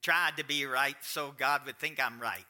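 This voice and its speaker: A mid-range male voice with a sharp tone carries this sermon at a moderate pace. The middle-aged pastor talks plainly with his congregation at first, then builds up to rising, emphatic preaching.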